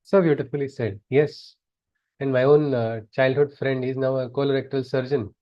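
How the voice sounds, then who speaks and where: A man's voice: mid-range voice, flat delivery, moderate pace, dark tone, lo-fi sound. A man chanting scripture verses and explaining them in an earnest teaching discourse over a video call. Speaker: spiritual teacher.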